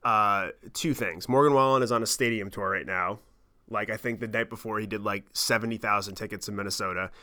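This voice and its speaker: A man in his thirties telling a travel story on his podcast, animated and rambling, with lots of swearing and fillers. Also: on the low side, a little fast. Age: 30s. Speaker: podcast host. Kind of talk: casual storytelling monologue.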